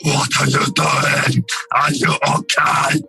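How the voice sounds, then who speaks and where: A man putting on a slow-spoken Icelandic fisherman. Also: medium pitch, sing-song, gravelly, pushed and bright, faint music behind, pitched above the performer's own voice, exaggerated voice. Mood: concerned. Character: concerned older Icelandic fisherman.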